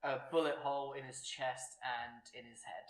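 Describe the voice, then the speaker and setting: A man's voice: mid-range voice, flat delivery, moderate pace, recorded from a distance. Male game master, loose rambling narration, roomy off-mic sound. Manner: rambling, hesitant narration with fillers. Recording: echoey room, off-mic.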